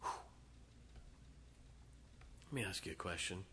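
Man preaching a sermon, dramatic storytelling, slow deliberate delivery, bright tone. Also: fairly low pitch, slight background noise. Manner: dramatic storytelling with sudden loud swells and hushed drops.

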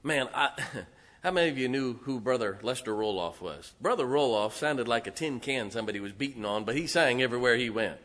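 A man, preaching emphatically as a pastor and now and then singing slowly. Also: mid-range voice, expressive, a bit bright. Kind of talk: sermon. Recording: reverberant church hall.

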